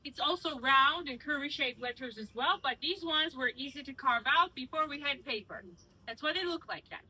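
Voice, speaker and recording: Bright high-voiced female tour guide. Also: normal speed, low-quality recording. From Georgia. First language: Georgian. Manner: playful, teasing, explains with examples. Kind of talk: guided walking tour explanation. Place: outdoors in old city streets.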